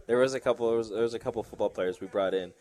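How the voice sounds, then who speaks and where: A man's voice: mid-range voice, very fast, a little mellow. Young guy in his late 20s, casual podcast chat, laid-back and jokey. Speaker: podcast co-host.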